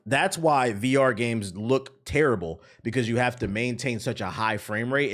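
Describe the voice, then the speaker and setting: A man reacting to a game trailer as a streamer, talking bluntly, with plenty of swearing. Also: lowish voice. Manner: blunt, profane, excitable. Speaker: streamer and host. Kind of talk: casual reaction commentary.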